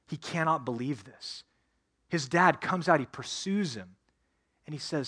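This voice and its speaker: A male pastor delivering a sermon with a fairly high voice. He speaks earnestly and turns straight to his listeners as he preaches. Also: animated, normal speed, a bit bright. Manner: earnest, addresses congregation directly.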